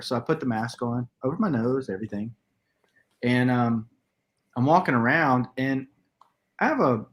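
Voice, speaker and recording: A man co-hosting a casual movie podcast in a voice of ordinary pitch. He tells stories with animation and jumps into other people's voices. He laughs often in the middle of his sentences. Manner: animated storytelling, acting out quoted voices. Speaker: podcast co-host. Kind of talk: casual chat.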